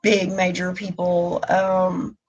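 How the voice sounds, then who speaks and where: A woman's voice: fairly low pitch, completely flat delivery, slow pace, darkish tone, husky, highs cut off. A middle-aged woman, talking openly and emotionally in a rambling live stream chat. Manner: candid, emotional, rambling with restarts. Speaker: vlogger.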